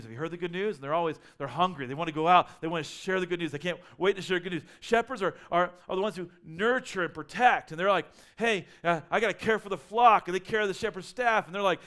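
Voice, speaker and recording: Earnest man preaching a sermon, higher-pitched. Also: fairly bright tone, clear, resonant tone. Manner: earnest, repeats and restarts words. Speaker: pastor.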